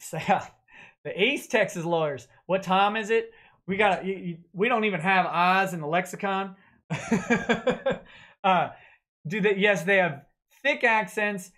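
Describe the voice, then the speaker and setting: A man's voice: high voice, a bit bright. A man hosting a legal livestream, reading viewer super chats aloud and adding wry, offhand asides. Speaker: lawyer livestream host.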